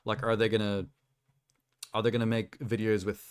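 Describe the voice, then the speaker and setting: Male streamer, slightly low voice, loose rambling chat reacting to trailers with easy laughs. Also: flat delivery, moderate pace, clear, resonant tone. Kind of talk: casual live-stream chat. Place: home streaming setup.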